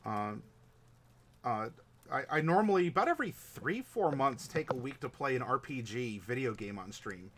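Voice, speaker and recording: A man's voice: mid-range voice, pushed and bright. A tired man running a tabletop game stream, wrapping up with lots of fillers and restarts. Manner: rambling, many fillers and restarts. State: tired, short on sleep. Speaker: game master.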